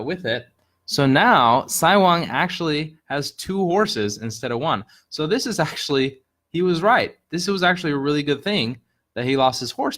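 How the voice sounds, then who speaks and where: A man tells a folk tale on a casual live stream, upbeat and chatty. His voice sits at an ordinary middle pitch for a man. He stops now and then to explain a word and points at pictures as he goes. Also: fairly bright tone. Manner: narrates over pictures he points at. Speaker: host telling Chinese fables.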